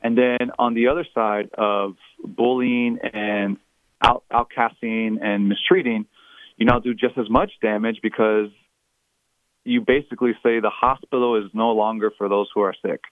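A man who is a pastor and author, speaking as an interview guest and explaining his views in an earnest, measured way. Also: fairly low pitch, fairly even intonation, dry recording. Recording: tinny phone-line sound.

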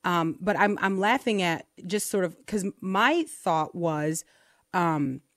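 A woman's voice: on the low side, slow, a bit bright, dry recording, studio quality. A woman in her thirties co-hosting a faith podcast, telling her story in a reflective, earnest way. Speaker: co-host. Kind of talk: casual faith podcast conversation.

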